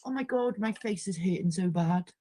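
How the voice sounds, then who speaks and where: A woman chatting on a stream panel, giggly and excitable. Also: on the low side, moderate pace, a crowd in the background. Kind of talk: casual group chat.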